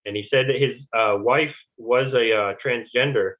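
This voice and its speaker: A man's voice: mid-range voice, normal speed. A male American podcast guest recounting a story in a rambling way, full of restarts and filler words. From United States. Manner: rambling, fills speech with "like" and restarts. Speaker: podcast guest, Navy veteran. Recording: tinny phone-like line.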